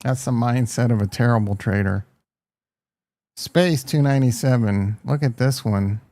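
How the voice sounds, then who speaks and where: A man with a Midwestern American accent runs a casual live market stream. His voice is mellow and warm, sitting at an everyday pitch. He's brash and joking, reacting to tickers and tossing remarks at viewers. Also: moderate pace. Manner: brash, joking, talks to chat. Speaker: market livestream host.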